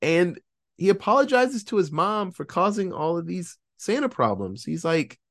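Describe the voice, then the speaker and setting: A man with a slightly high voice walks through a movie scene by scene for his podcast co-hosts. His delivery is lively and swings all over his range, with casual swearing, and he keeps stopping to read lines from his notes. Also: moderate pace. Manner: animated, swears freely, reads from his notes. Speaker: podcast co-host recapping a movie. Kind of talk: casual movie recap chat.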